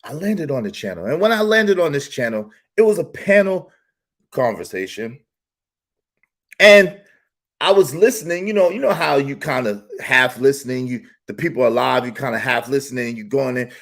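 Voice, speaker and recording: A man hosting a casual live stream, telling a story in an animated, slangy style with lots of repetition. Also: medium pitch, brisk. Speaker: YouTube live stream host.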